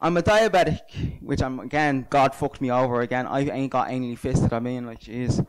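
A man's voice: mid-range voice, moderate pace, clear, resonant tone, low-quality recording. A young Irish man doing a stand-up comedy set, crude and self-mocking, stumbling through asides on stage. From Ireland.

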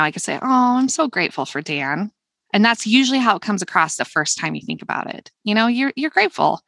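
A woman co-hosting a podcast in a casual, earnest chat, reflecting aloud and slowing down to stress her points. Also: fairly low pitch, bright, forceful tone, dry recording. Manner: earnest, reflective, slows down for emphasis. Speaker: podcast co-host.

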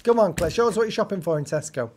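A woman chats casually as a live-stream co-host. Her pitch swings widely as she teases viewers and exclaims. She sounds bubbly and talkative. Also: lively intonation, fast talker, a little mellow, slight background noise. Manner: chatty, teasing, exclaims often. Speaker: livestream co-host.

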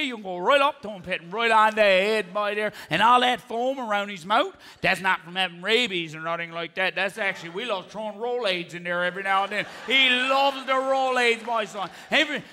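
A folksy, foul-mouthed Newfoundland local, put on by a male comedian with a Newfoundland accent. He rambles off into long stories instead of simply giving directions. His voice sits high and bright.

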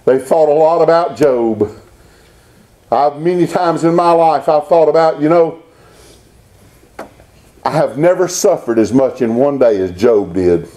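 A pastor preaching a Baptist sermon, rising into emphatic bursts and reading scripture aloud. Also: male voice, on the high side, measured pace, pauses often, warm tone.

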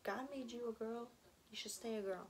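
A woman's voice: on the high side, normal speed, darkish tone, slight background noise. Rambling young woman telling a story. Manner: rambling, with many fillers and restarts; drops to a whisper now and then. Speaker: vlogger. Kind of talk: casual storytime.

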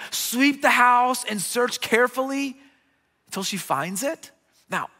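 A middle-aged man preaching a sermon as a guest pastor, telling a story with lively acted-out voices. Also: sits high, big-room sound. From United States. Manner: animated storyteller, acting out quoted voices. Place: church sanctuary.

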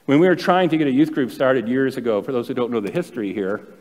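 A man's voice: mid-range voice, fast talker, a little mellow. A male pastor preaching a sermon, telling stories in a conversational way with self-deprecating asides. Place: church sanctuary. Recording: long hall reverb.

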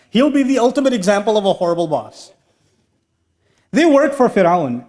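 High-voiced man giving an animated talk. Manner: animated storytelling with humor and laughs. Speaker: speaker giving an Islamic talk. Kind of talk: lively lecture to a live audience. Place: large mosque hall.

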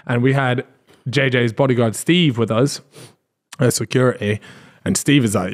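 A young British man on a podcast, telling a story in a casual, animated way, swearing freely and often restarting his sentences. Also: medium pitch, moderate pace. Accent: British English. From Britain. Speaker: podcast co-host.

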